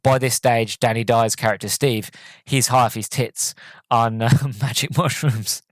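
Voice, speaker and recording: A man's voice: medium pitch, fairly even intonation, measured pace, no room sound. A man hosting a podcast, casually reviewing a film with lots of fillers and restarts while retelling scenes. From Britain. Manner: rambling, with many fillers and restarts, retelling scenes in quoted voices. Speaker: podcast host.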